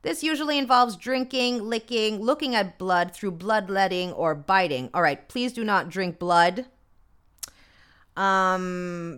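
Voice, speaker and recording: A woman's voice: fairly low pitch, fairly bright tone, smooth. A woman hosting a casual talk show, reading from a list in a candid, chatty way with wry asides and free swearing. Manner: candid, chatty, swears freely, comments wryly as she reads. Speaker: podcast host.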